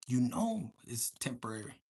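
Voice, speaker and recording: A tarot reader giving a casual collective reading, blunt and profane, animated, slipping Spanish words into the talk. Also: mid-range voice, normal speed, vocal fry, slightly rough.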